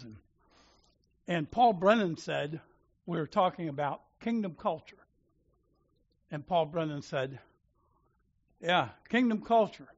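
A church elder preaching in an animated storytelling way, acting out each exchange and chuckling along. His voice sits a little high for a man, with lively jumps in loudness. The sound is muffled and lo-fi. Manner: animated, acts out dialogue, chuckles. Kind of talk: sermon storytelling. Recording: dull lo-fi sound.

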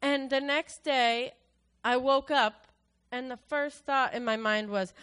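A woman's voice: on the high side, slow, a bit bright, clean tone. A woman giving a personal testimony to her church, talking in a conversational, earnest way and retelling scripture in her own words.

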